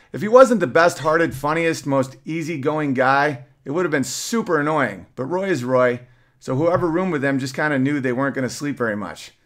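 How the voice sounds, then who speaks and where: A man's voice: mid-range voice, a bit bright. A man hosting his podcast, reading his memoir aloud as a story, breaking off now and then with wry side remarks. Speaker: podcast host.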